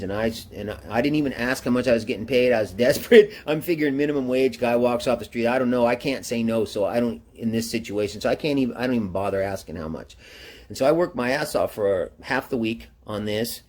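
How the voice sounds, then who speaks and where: A man casually telling his own travel story in a rambling, slangy way, getting animated when quoting others. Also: medium pitch. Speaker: motorcycle travel vlogger.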